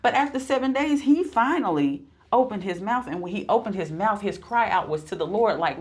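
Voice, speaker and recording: A woman's voice: mid-range voice, animated, a little fast, hardly any pauses. A woman co-hosting a podcast, talking about faith with a repetitive, emphatic, preacher-like cadence. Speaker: podcast co-host. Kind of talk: preaching-style faith chat.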